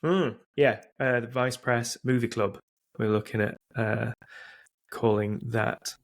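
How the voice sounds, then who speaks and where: Male host, brisk, keeps things moving, mid pitch. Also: steady tone. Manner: brisk, businesslike, steering the talk. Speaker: podcast host. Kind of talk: casual chat.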